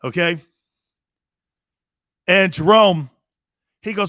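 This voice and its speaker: A man's voice: high voice, measured pace, pauses often, dry recording, studio quality. A man in his fifties hosting a sports talk show, telling boisterous, rambling anecdotes with emphatic restarts. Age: 50s. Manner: animated, emphatic storyteller.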